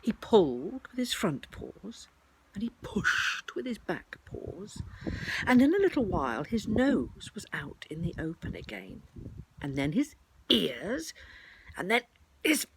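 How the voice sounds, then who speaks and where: A woman reading a children's story aloud in a slow, expressive storybook manner. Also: mid-range voice, slight background noise.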